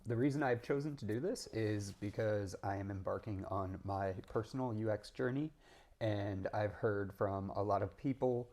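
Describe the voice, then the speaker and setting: A man's voice: on the low side, darkish tone. A young man talking casually to the camera, chatty and full of ums and restarts. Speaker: vlogger doing a design challenge.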